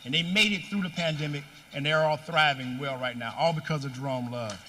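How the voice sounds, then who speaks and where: A man's voice: fairly high pitch, a little fast, noisy background. A man working as emcee at a live event, giving a formal introduction that builds toward welcoming the next speaker. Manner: builds up to the welcome with rising emphasis. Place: large hall at a live expo.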